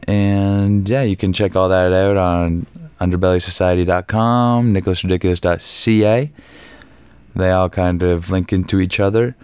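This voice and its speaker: A young man hosts his own podcast and talks alone in a loose, profane, rambling way. His voice sits very low and stays smooth and resonant. Now and then he breaks into sudden loud bursts. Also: steady tone, normal speed, dry recording. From Canada. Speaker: podcast host. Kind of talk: casual solo podcast monologue.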